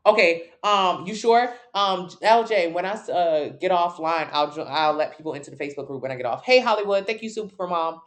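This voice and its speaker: A woman's voice: on the low side, brisk, hardly any pauses. Blunt, sassy female fitness coach. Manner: blunt, sassy, swears casually; lively, swings in loudness for emphasis. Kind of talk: casual livestream Q&A, answering viewer comments.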